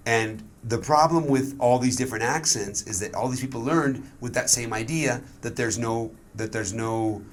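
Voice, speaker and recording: A man who grew up in Alaska, a guest English teacher explaining pronunciation in an earnest, steady way. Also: medium pitch, normal speed, few pauses. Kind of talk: casual interview.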